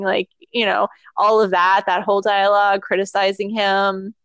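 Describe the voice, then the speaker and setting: A woman hosting a podcast interview, telling a personal story in a casual, animated way and laughing often. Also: mid-range voice, moderate pace, hardly any pauses, dry recording, muffled recording. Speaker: podcast host.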